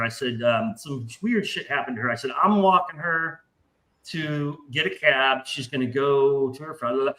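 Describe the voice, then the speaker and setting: A man telling a long anecdote in casual podcast talk, profane and animated, acting out the voices in his story. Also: medium pitch, low-quality recording.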